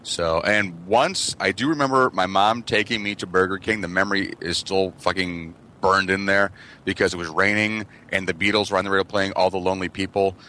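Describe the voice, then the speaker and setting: A man's voice: low voice, a little fast, slight background noise. A man telling profane childhood stories in a casual podcast chat. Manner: profane, animated storyteller. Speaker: podcast co-host.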